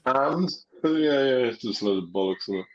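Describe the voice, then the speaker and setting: A man's voice: medium pitch, animated, brisk. A man in casual chat, rambling, joking and swearing a lot. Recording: dull lo-fi audio.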